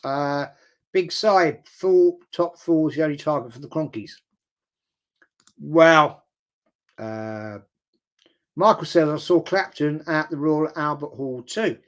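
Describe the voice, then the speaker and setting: A man's voice: a little high, slow pace, pauses often, a bit bright. An older man hosting a casual live chat, rambling bluntly, swearing casually and repeating words for emphasis. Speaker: host. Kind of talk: casual live-stream chat reading viewer comments.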